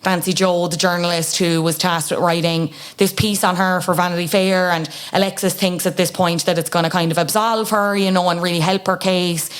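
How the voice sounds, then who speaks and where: A woman's voice: fairly low pitch, level tone, fairly quick, few pauses. A woman hosting a podcast, chatting casually with many fillers. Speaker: podcast host. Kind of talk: casual chat.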